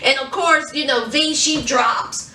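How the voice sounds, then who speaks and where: A woman casually recapping a TV episode for her vlog, telling the story in an animated way and acting out the characters' lines. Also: high voice, measured pace, slight background noise. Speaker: TV show reviewer. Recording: roomy echo, distant from mic.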